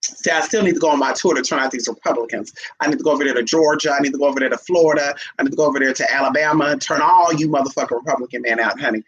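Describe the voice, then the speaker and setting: A woman vlogger with a bass voice races through a casual storytelling monologue, her delivery breathy and the audio poor. Sassy and brash, she calls her listeners honey and animatedly jumps into other people's voices.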